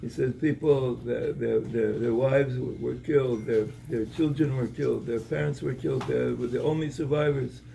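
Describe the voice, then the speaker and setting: A man giving a Torah talk at an evening gathering, telling a story in a halting way, with many repeated words and restarts. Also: mid-range voice, steady tone, vocal fry, warm tone, distant mic, a little hiss or hum, poor audio.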